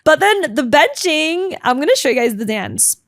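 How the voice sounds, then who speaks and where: A chatty, dramatic young woman telling a casual vlog story, full of "like" and quick asides. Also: high voice, sing-song, fairly bright tone, no echo, studio quality. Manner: chatty and bubbly, heavy use of "like", dramatic; talks a lot, emotional. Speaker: vlogger.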